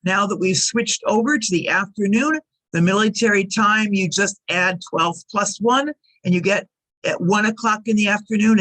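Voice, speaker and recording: Woman teaching slow drilled English phrases. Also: mid-range voice, a bit bright. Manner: careful, repeats example sentences for learners. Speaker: ESL teacher. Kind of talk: slow clear teaching narration.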